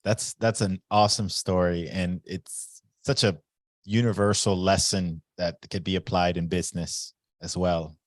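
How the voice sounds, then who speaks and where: Male podcast host, very low voice, dry close recording, casual. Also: steady tone, unhurried, no echo. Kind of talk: casual interview chat.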